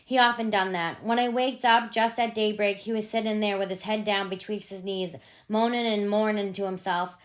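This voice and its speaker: A woman narrating a novel in the first person, in steady, measured storytelling. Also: medium pitch. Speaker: audiobook reader.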